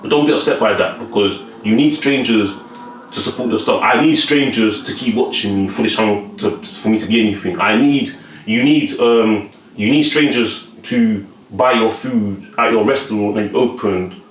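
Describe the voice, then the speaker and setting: A man's voice: fairly low pitch, moderate pace, a little hiss or hum. A man giving casual advice straight to camera, repeating and restarting words and often asking whether the listener follows him. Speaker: vlogger giving life advice. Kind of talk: casual motivational monologue to camera. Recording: echoey room.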